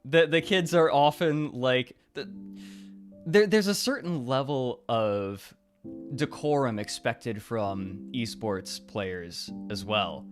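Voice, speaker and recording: A man's voice: mid-range voice, takes it slowly. Chatty man hosting a stream. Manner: rambling, chatty, laughs often. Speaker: stream host. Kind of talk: casual livestream chat. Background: faint music.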